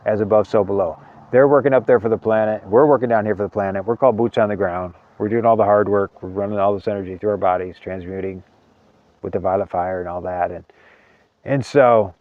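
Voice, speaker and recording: A man giving an earnest spiritual talk, halting often and repeating words as he searches for them. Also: lowish voice, fairly even intonation, phone-quality sound. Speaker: spiritual teacher.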